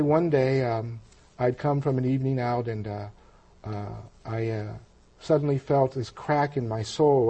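A man telling a personal story of his spiritual experience, halting and reflective, with frequent pauses and restarts. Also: medium pitch, dark tone. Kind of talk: personal testimony.

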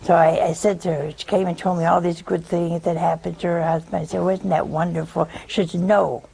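A woman's voice: on the low side, flat delivery, brisk, vocal fry, warm tone, poor audio. A woman preaching a sermon in a folksy, teasing way, often asking her listeners questions.

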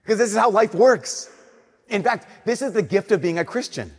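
A young man, a Catholic priest, giving an earnest, conversational homily that drops to soft emphasis. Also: high-pitched, expressive, normal speed, breathy edge. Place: church. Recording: long church reverb.

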